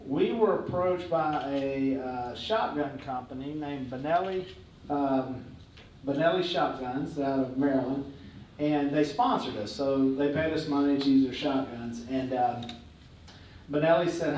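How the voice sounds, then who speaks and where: A man, a guest speaker, telling stories to a live audience in a relaxed way with many fillers. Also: medium pitch, unhurried. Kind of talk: on-stage storytelling. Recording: echoey hall, heard from a distance, faint noise.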